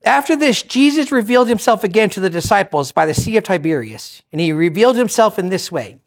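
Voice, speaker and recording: A man's voice: high-pitched, very animated, a little fast. A visiting preacher giving a sermon, a man telling stories conversationally with joking asides and self-interruptions. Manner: repeats phrases, self-interrupting.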